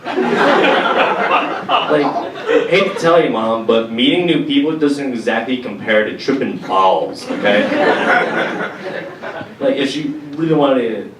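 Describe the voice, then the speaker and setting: A young male stand-up comedian performs a set at a college venue, his mid-range voice slow and deadpan with long pauses, as the audience laughs. He's slangy and profane, mocking others in put-on voices, and the recording is echoey with a distant mic, loud ambience and background noise.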